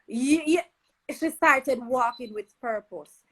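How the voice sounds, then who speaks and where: A woman with a Jamaican accent hosting a casual chat, enthusiastic and quick to exclaim and affirm. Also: high voice, poor audio. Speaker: host.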